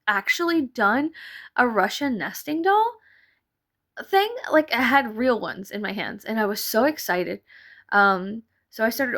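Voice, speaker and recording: Gravelly woman rambling in casual voice-over. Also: on the high side, fairly bright tone. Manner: rambling, swears casually, laughs often. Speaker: vlogger. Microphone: voice-over mic.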